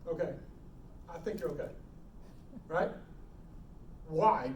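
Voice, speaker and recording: A middle-aged man teaching emergency preparedness to a live audience, animated, quizzing the room and acting out scenes. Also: sits high, normal speed, lo-fi sound. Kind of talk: live classroom talk. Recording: roomy hall, distant mic, faint noise.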